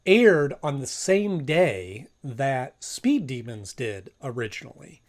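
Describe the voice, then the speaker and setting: A man's voice: mid-range voice, sing-song, takes it slowly. A man casually reviewing a cartoon episode, rambling and hesitant with many fillers.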